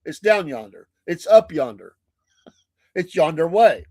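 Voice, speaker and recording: A man's voice: on the high side, big pitch swings, slow pace, darkish tone, slightly rough, no echo, studio quality. A Southern American man hosting a morning livestream show, chatty and folksy, laughing often. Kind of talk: casual livestream chat. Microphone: streaming mic.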